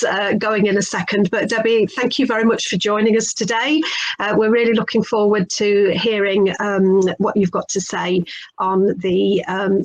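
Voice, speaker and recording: A woman moderates a video-call panel, thanking one speaker and bringing on the next. Her voice is mid-pitched and dry, with no room around it. She often restarts her words. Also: no echo, poor audio. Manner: warm thanks, repeated word restarts. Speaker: panel host.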